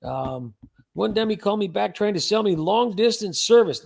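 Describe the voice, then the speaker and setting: A man's voice: sits high, animated, moderate pace, creaky, a little mellow. A man hosting a casual livestream, chatting and greeting viewers by name. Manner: chatty, reads viewer names aloud. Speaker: livestream host.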